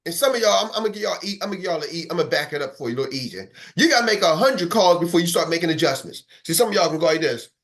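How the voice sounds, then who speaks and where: A man's voice: a little high, animated, racing, few pauses, a bit bright. A man coaching his sales team, emphatic and preachy, driving points home with repetition and calling on listeners by name. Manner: fired-up, emphatic, preachy, repeats for punch; talks straight to a live group, calls on listeners by name. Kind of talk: motivational team coaching talk. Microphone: online meeting.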